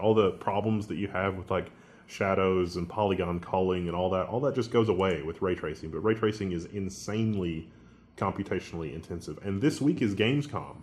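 Low-voiced man explaining tech news. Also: darkish tone, slight background noise. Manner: knowledgeable, explains hardware details. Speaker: news show co-host. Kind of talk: casual tech news chat.

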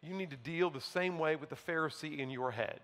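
Male pastor, high bright voice, emphatic preaching with hushed asides, big church reverb. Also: a little fast. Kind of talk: sermon. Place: church sanctuary. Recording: long hall reverb.

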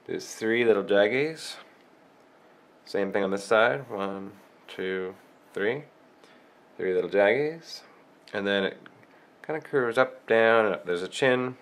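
Unhurried man teaching drawing with a cold. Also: on the low side. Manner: unhurried, thinking aloud while drawing. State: has a cold. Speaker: drawing tutorial host. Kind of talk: step-by-step drawing instruction.

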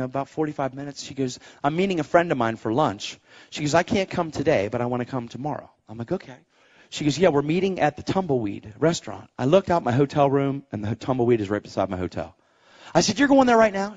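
A man preaching and telling a testimony story, animated, acting out the voices of people in his story and rising to shouts as he exhorts. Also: medium pitch, muffled recording. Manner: animated, acts out quoted voices. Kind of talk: sermon storytelling.

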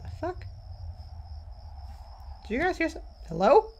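A woman's voice: sits high, big pitch swings, a little slow, vocal fry, a little mellow, a little hiss or hum. A woman commentating a horror game as she plays, a little tired, jumpy and swearing as she jokes to herself. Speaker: let's play gamer.

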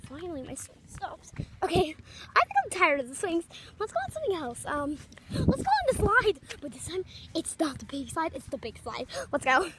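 A woman voicing an excitable, clumsy young girl at a playground, chattering through everything she does and yelping when she tumbles. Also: very high-pitched, a little fast. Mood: squealing. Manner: chatty running self-commentary, squealing and yelping. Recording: noisy background.

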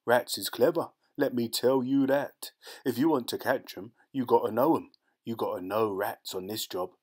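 A man voicing a sly, scornful ratcatcher who talks with rough grammar, boastful and secretive, in a storybook reading. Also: medium pitch, moderate pace, close to an everyday voice.

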